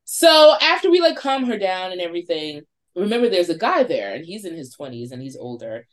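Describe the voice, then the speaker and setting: A woman in her forties from New York, a podcast guest telling a spooky story in a lively way, swearing freely and acting out her friends' lines. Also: on the low side, brisk. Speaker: podcast guest, wine shop owner.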